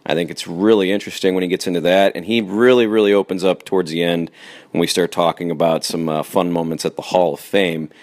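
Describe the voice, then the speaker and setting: A man's voice: low voice, fairly even intonation, quick pace, a little mellow. A man hosting an interview podcast, talking to listeners in a chatty, playful way. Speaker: podcast host. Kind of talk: casual interview.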